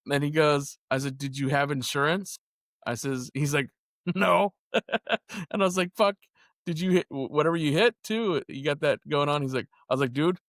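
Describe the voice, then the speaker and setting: Man, co-host, crude joking banter, middle pitch, dry mic. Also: a bit bright, no room sound. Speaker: podcast co-host. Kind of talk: casual chat.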